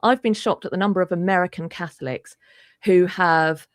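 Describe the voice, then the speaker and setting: A woman from England hosting an interview, chatting in a friendly way with quick asides. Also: fairly low pitch, dry recording, clean studio sound. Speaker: host. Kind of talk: conversational interview.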